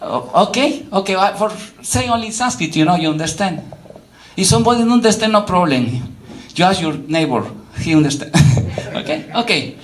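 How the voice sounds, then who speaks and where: A man's voice: sits high, expressive, normal speed. A man giving an emphatic religious lecture, often repeating himself and saying "you know".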